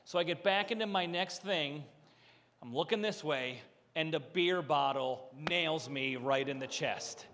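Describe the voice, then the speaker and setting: A man's voice: a little high, measured pace, fairly bright tone, long reverb tail, a little hiss or hum. A man performing a stand-up comedy set, telling stories with punchy asides and acting out what people said. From Philadelphia area. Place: country club room, live audience.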